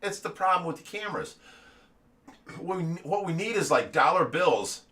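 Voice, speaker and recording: Middle-aged male host, rambling casual storyteller, bright tone, slightly off-mic. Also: on the high side, big pitch swings, moderate pace. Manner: rambling storyteller full of "you know" fillers. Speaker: host of a fish rescue livestream. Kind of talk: casual livestream chat. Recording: voice a little far from the mic.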